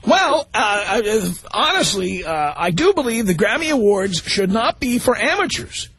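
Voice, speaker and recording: A man's voice: high-pitched, very animated, moderate pace, fairly bright tone, husky, no echo. A man hosting a call-in radio talk show, blunt and combative as he rants his opinions.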